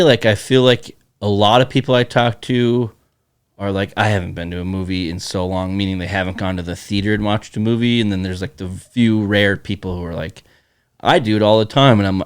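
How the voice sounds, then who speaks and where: Male podcast co-host, low register, dry teasing banter, dead-dry sound. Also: a little fast, clear, resonant tone, no room sound. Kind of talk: casual chat. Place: Bismarck, North Dakota.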